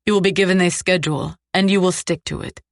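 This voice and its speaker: A woman voicing a cold, commanding male crime boss who speaks calmly and with clipped threat. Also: low-pitched, normal speed, no echo, clean studio sound.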